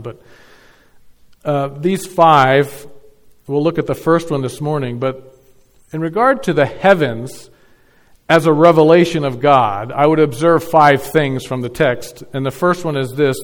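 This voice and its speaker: Man, pastor, sermon, emphatic, repeats key words, loud-soft swings. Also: mid-range voice, in a large hall.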